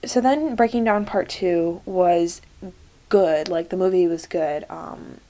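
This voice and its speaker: A woman's voice: lowish voice, takes it slowly, warm tone. A young woman hosting a solo podcast, chatting casually and gushing, with lots of "like" and "um". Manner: gushing, many fillers like "like" and "um". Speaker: podcast host.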